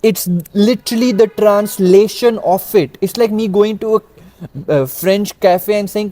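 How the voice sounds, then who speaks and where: A man's voice: high-pitched, steady tone, dark tone, no echo. A young man from India co-hosting a casual chat show, ranting in an emphatic, exasperated way and rattling off long lists. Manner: exasperated, emphatic, rapid-fire listing. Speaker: podcast co-host.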